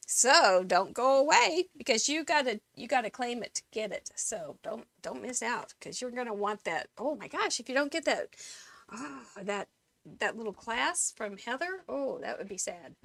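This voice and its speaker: A woman hosting a live crafting show, reading out viewers' names quickly in a chatty, enthusiastic way. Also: a little high, expressive, creaky, fairly bright tone. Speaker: host.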